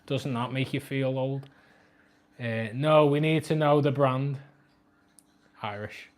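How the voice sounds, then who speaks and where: A man in his twenties with a Scouse accent, chatting quickly and jokily on a livestream about his aquarium, reading out viewer comments. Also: medium pitch, steady tone. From Liverpool, England. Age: 20s. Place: flat at home.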